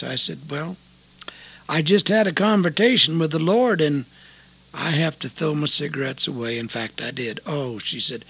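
Middle-aged male preacher, high voice, folksy and earnest, dull old recording. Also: moderate pace, creaky, a bit bright, husky. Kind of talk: sermon with personal testimony. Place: Seattle.

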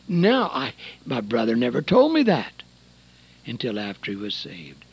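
Older preacher with lively pitch. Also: male voice, moderate pace, gravelly, breathy edge, no echo, muffled recording. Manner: dramatic, swings from hushed to loud. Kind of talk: sermon with personal testimony.

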